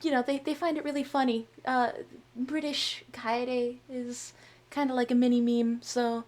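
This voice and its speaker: A woman's voice: a little high, flat delivery, a little slow, a little mellow. A woman co-hosting a casual chat show, laughing often and poking fun at herself. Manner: laughs often, self-mocking. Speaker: co-host.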